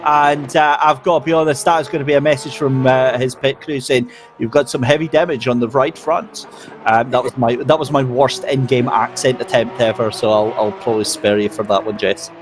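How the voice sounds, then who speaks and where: A man giving lively, jokey play-by-play commentary on an online sim race. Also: medium pitch, brisk, few pauses, over music.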